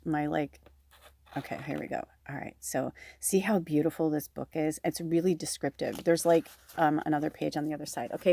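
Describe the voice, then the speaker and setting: Chatty woman tarot reader, lowish voice. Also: creaky, darkish tone, no echo. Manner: chatty and rambling, heavy on fillers; laughs often while talking. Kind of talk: casual tarot reading vlog.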